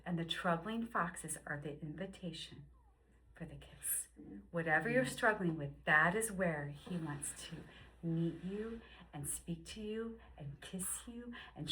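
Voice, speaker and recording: A woman in her fifties tells her faith story in a bright, clear, ringing voice. She is emotional and animated, and she acts out quotes as she goes. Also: medium pitch, slight background noise, low-quality recording. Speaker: guest sharing her story. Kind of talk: personal faith testimony.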